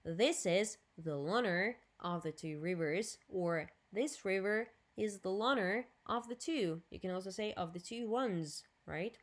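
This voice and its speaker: A woman with a Ukrainian accent teaching an English lesson on video, drilling new words slowly and clearly and adding Russian explanations. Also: medium pitch.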